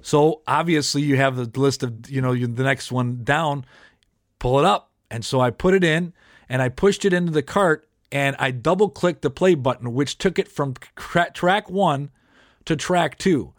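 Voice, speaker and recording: A man's voice: medium pitch, normal speed, dry recording, studio quality. A man who hosts a podcast and has worked as a radio DJ, telling a story in casual chat with many restarts. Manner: rambling, many restarts and self-corrections.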